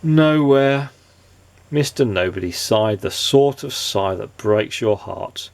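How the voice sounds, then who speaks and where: A man, a father, reading a children's storybook aloud in a gentle, expressive way. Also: fairly low pitch, a little slow, gravelly.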